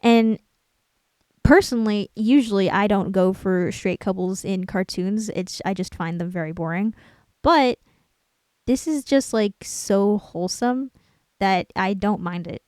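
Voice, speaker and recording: A woman's voice: mid-range voice, unhurried, a little mellow, no echo. A young woman hosting her own channel, talking casually about a film, rambling and stopping to hunt for words. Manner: rambling, self-deprecating, searching for words aloud. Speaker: channel host.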